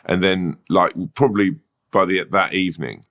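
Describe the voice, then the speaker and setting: Deep-voiced male podcast co-host, animated swearing storyteller. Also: moderate pace. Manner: animated storyteller, swears freely, laughs often. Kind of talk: casual chat.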